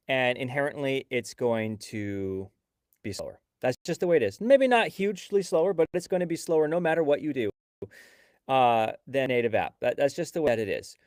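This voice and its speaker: An upbeat man hosts a live stream, greeting viewers and explaining things in a loose, chatty way. His voice is smooth and clear at an ordinary middle pitch. The sound is dry and close to the mic. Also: dry recording. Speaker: livestream host and coding instructor.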